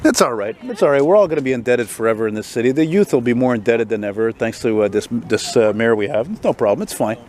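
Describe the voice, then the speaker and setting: A man's voice: mid-range voice, lively intonation, fast, few pauses, a little mellow, slight background noise. A tired, unwell man, ranting and rambling as he walks a city street, recording on a handheld phone. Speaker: vlogger. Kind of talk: walking vlog rant.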